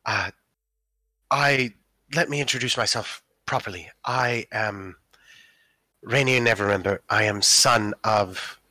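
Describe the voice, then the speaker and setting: A courtly young nobleman, voiced by a man, thanking his rescuers in formal, polite speech at a slow, deliberate pace. The voice is low for the role and bright in tone, recorded dry and close. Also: no echo, exaggerated voice. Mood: grateful.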